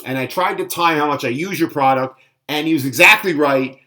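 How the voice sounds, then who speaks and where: A man's voice: fairly high pitch, fairly quick, pushed and bright. A middle-aged man ranting sarcastically in a casual home cooking vlog. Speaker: fitness vlogger. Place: home kitchen.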